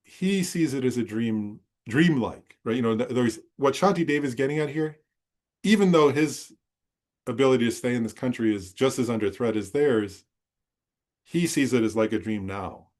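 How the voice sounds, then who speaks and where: A man's voice: mid-range voice, lively intonation, moderate pace, darkish tone. A man giving a Buddhist dharma talk, telling a personal story in a loose, rambling way and often checking whether listeners follow. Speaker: Buddhist teacher.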